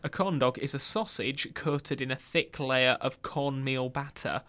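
A man's voice: mid-range voice, steady tone, measured pace, fairly bright tone. Young British man, joking radio host. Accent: British English. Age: young adult. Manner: chatty, joking, self-mocking. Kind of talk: casual radio chat.

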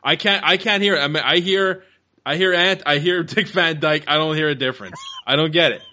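A man's voice: fairly high pitch, a little fast, sharp tone. A man co-hosting a casual movie chat, joking and arguing a contrary view in banter. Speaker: podcast co-host.

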